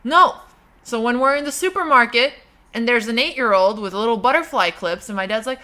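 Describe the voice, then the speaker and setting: Bright-voiced chatty young woman streamer. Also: on the high side, animated. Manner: chatty, self-deprecating, quick to laugh. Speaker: livestream host. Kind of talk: casual livestream chat, reading viewer messages.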